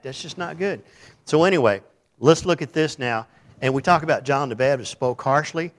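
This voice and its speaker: Casual guy preaching, jokey and folksy, goes loud then quiet. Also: mid-range voice, normal speed. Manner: folksy, teasing, shifts between loud and hushed. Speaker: pastor. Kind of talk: sermon.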